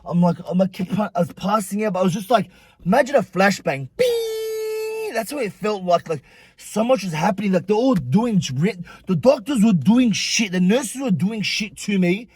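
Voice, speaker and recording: Husky, high-voiced young man telling a story. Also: moderate pace, no echo. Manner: animated, profane, slangy storytelling. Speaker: vlogger. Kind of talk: storytime vlog.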